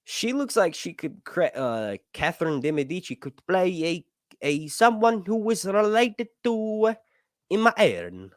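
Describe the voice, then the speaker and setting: A young man hosting a casual live stream, chatting with viewers in a jokey, animated way and swearing casually. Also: high voice, measured pace, no room sound, clean studio sound. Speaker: YouTube host reading viewer chat.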